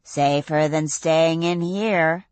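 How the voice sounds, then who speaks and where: A woman's voice: deep voice, fairly even intonation, takes it slowly, a little mellow, clean tone, dry recording. A woman narrator voicing a bold, reckless teenage girl giving confident commands.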